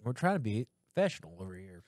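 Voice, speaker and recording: A man's voice: lowish voice, big pitch swings, fast talker, darkish tone, no echo. A man co-hosting a podcast, chatting casually with playful, jokey reactions. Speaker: podcast co-host. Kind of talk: casual chat.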